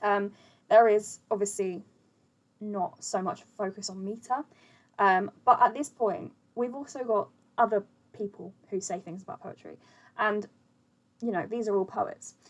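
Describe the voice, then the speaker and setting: A woman's voice: medium pitch, measured pace, poor audio. A young woman teaching poetry in a loose, chatty way, full of "um" and "you know". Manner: chatty, filler-heavy, loose explaining. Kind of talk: casual explainer lesson.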